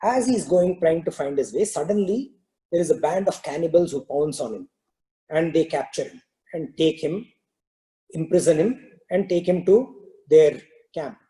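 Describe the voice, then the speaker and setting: A man telling a parable during a spiritual talk, in a relaxed storytelling manner with many "you know" fillers. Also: on the high side, normal speed, low-quality recording. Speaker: spiritual discourse teacher.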